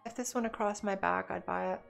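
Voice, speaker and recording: A woman's voice: mid-range voice, steady tone, a little fast, gravelly, faint music behind. A woman chatting casually while she streams a game, rambling and joking as she plays. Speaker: let's play streamer. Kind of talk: casual chat while gaming.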